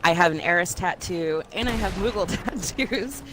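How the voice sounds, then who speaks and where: A woman's voice: fairly low pitch, moderate pace, a bit bright, a little hiss or hum. Chatty gamer woman guest. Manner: chatty, gushes about games. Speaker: podcast guest. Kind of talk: casual gaming chat while playing.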